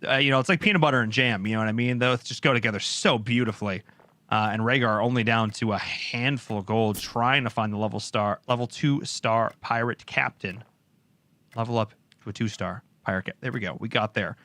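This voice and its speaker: A man's voice: mid-range voice, a little fast, dry recording. Man casting esports with jokey energy. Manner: animated, jokey, rambling with fillers. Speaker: esports caster. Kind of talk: live esports commentary.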